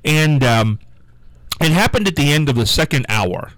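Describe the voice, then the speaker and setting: A man's voice: a little high, animated, normal speed, fairly bright tone, no room sound, low-quality recording. A man hosting a holiday morning radio show in the studio, chatty and joking. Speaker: radio host. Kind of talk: casual radio talk. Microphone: studio microphone.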